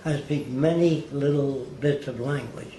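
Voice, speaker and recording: Guy spinning stories in an interview, mid pitch, acts out what people said, roomy sound. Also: a little slow. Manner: lively storyteller who acts out quoted people. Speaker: interview guest. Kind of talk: anecdotal storytelling. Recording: echoey room with faint hiss.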